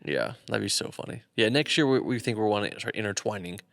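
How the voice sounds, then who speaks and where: A man's voice: lowish voice, expressive, fast, creaky, fairly bright tone. A young man co-hosting a podcast in casual chat, joking and playful, fond of calling people out. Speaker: podcast co-host.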